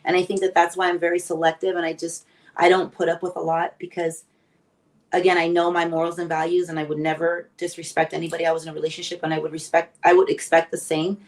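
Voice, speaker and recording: A woman's voice: on the low side, little pitch movement, quick pace. Candid woman in her forties, distant mic. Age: 40s. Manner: emotional, candid, tearful at times. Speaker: guest. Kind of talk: live interview.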